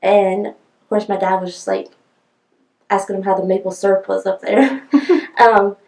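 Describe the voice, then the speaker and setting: A woman's voice: medium pitch, steady tone, unhurried, creaky, a little mellow, roomy sound, recorded from a distance, rough recording. A young woman from rural North Carolina with a local accent, chatting and telling a story. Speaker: interviewee.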